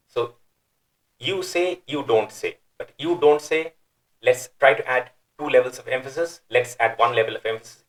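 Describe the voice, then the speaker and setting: A man teaching a verse-by-verse Quran translation lesson, explaining the Arabic word by word with pauses and restarts, and reciting the verse quickly. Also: mid-range voice, a bit bright, rough recording. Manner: explains step by step, pausing with fillers and restarts.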